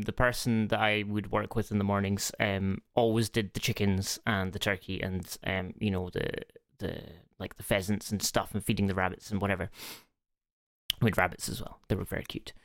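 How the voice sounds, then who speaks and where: A podcast co-host in casual chat, telling stories with animation and swooping into high voices. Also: fairly even intonation, moderate pace, a bit bright, no room sound, clean studio sound.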